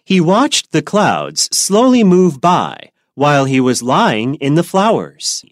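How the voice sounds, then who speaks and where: A woman reading an English learners' storybook aloud slowly and clearly, then answering its comprehension questions. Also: low-pitched, big pitch swings, dry recording, clean studio sound. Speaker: reader of a graded English reader.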